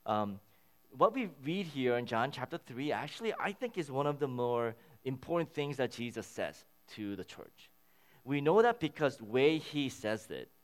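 A man's voice: mid-range voice, very animated, moderate pace. A man preaching a sermon as pastor. He talks to the congregation in a conversational way, stresses key phrases and repeats them, and his voice climbs when he makes a point. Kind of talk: sermon with scripture reading.

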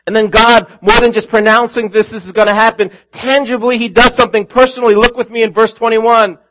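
A man's voice: extremely high pitch, little pitch movement, brisk, a bit bright, slight background noise, rough recording. A man preaching a sermon as a pastor, earnest, calling his listeners friends and repeating key lines.

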